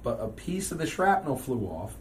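A man hosting a casual podcast, telling stories with frequent loud laughter. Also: mid-range voice, moderate pace. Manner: loud laughing, animated storytelling. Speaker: podcast host. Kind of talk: casual chat. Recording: distant mic, faint noise.

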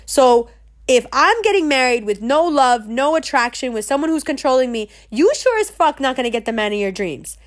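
A woman's voice: sits high, animated, normal speed. A middle-aged woman telling a story in a casual, blunt rant, heavy with slang and swearing. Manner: blunt, profane and emphatic; streetwise slang.

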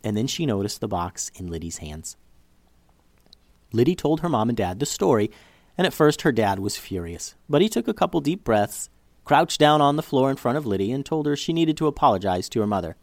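A man reading a children's story aloud in an expressive, animated way. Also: medium pitch, a little fast, dry recording.

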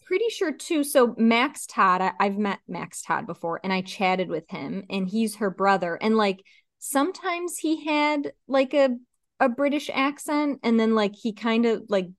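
A woman's voice: on the high side, animated, a little slow, dry recording. Chatty woman in a dry studio. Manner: chatty, lots of fillers and laughter. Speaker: podcast co-host. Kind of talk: casual chat.

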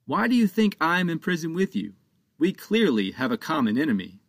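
A man voicing a worried male pirate captain who talks in hushed, urgent tones. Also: a little high, sing-song, normal speed, no room sound, studio quality, voice pushed up. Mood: persuasive.

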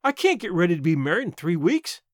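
A man's voice: high voice, sing-song, fast, no room sound, clean studio sound. A man doing a sullen, stammering young woman. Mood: flustered.

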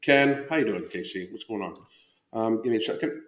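A man's voice: on the low side, animated, fairly quick. A man hosting a casual live stream about his coaching, loose and profane, breaking off and restarting his sentences. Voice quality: loose, profane, self-interrupting talk. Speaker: podcast host and fitness coach. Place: indoor room at home. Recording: roomy echo.

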